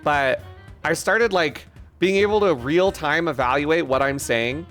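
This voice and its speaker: A man's voice: a little high, measured pace, a bit bright, faint music behind. A man streaming live, joking crudely and rambling in banter with his chat.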